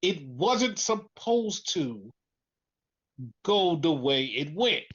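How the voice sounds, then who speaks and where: A man co-hosting a casual wrestling review podcast, telling the story excitedly, with lots of swearing and repetition. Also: fairly high pitch, drawn-out words, slightly rough, lo-fi sound. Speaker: podcast co-host.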